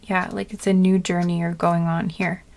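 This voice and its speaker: A woman giving a casual spoken tarot reading to her viewers, gentle and earnest, rambling with many fillers and restarts. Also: fairly low pitch, little pitch movement, moderate pace, vocal fry. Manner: earnest and emotional. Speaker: tarot reader.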